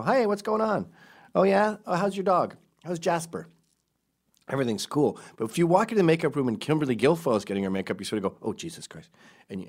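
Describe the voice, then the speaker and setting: A middle-aged man telling a crude comic anecdote in a deadpan way, dropping to quiet asides. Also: fairly low pitch.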